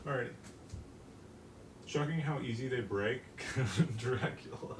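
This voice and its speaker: A man's voice: mid-range voice, measured pace. A teenage boy live-streaming while he bakes, chatting in a rambling, self-mocking way and swearing casually. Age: teens. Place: home kitchen. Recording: echoey room, distant mic, noisy.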